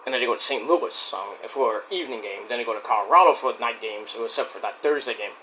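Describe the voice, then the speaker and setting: A man giving a casual solo review of a wrestling show, rambling and loudly acting out quotes. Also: medium pitch, fast, slight background noise.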